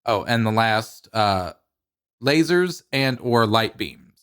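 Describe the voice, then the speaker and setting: A man's voice: lowish voice, animated, slow pace, fairly bright tone, smooth. A man co-hosting a podcast in casual chat, laid-back and rambling, laughing between lines. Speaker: podcast co-host.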